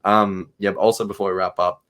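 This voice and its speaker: A man's voice: low voice, flat delivery, brisk, fairly bright tone. A man co-hosting a fan podcast, chatting casually and enthusiastically with many fillers. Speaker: podcast co-host.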